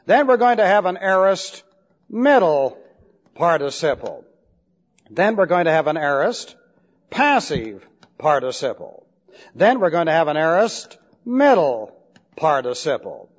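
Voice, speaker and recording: A man's voice: on the high side, sing-song, measured pace, pauses often. A man teaching Bible Greek grammar in a classroom lecture, emphatic, repeating points and spelling out key words. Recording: dull lo-fi recording with long hall reverb.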